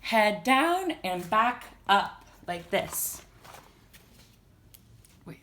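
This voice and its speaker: A woman's voice: mid-range voice, big pitch swings, extremely slow, pushed and bright, a little hiss or hum. A woman reading a children's picture book aloud and leading simple yoga poses, playful, with animal sounds. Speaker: children's storytime host. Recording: roomy echo.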